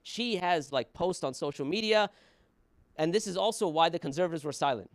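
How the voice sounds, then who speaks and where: A man's voice: a little high, lively intonation, brisk, no room sound. A man teaching a workshop on preaching, talking conversationally with frequent rhetorical questions and short laughs between points. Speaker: workshop instructor.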